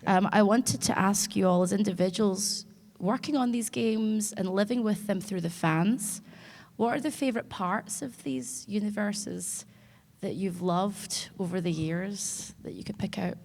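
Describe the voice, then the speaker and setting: Female panel host, mid pitch, chatty and bubbly. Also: a little slow, vocal fry, darkish tone. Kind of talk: hosting a panel. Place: expo stage panel.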